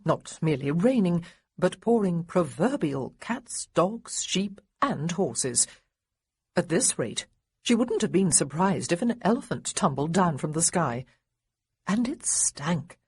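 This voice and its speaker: A woman narrating an audiobook in an expressive, wry storytelling manner, with a husky voice. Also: on the low side, dry recording. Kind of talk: scripted narration.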